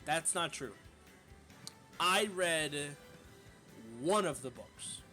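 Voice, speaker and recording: A streamer spins a casual, profanity-laced story in a high, bright voice. His pitch jumps all over the place as he talks, and faint music plays behind him. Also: very slow. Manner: profane, animated, with lots of fillers.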